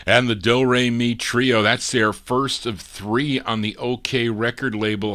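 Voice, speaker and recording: A man hosting a radio record show, talking casually between songs in a relaxed, rambling way with frequent filler sounds. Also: medium pitch, measured pace, hardly any pauses.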